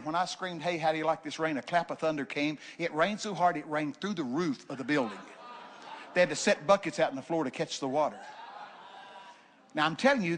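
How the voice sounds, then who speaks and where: Folksy preacher man, lively. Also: fairly high pitch, brisk. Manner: folksy, joking, loud bursts with laughter. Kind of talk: animated pulpit storytelling. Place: church sanctuary.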